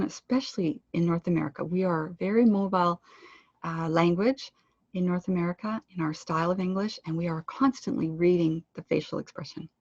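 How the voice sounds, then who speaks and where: Gravelly Canadian woman teaching pronunciation. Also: fairly low pitch, no echo, highs cut off. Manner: clear instructive delivery, drawing out words for drill. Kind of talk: web conference lesson.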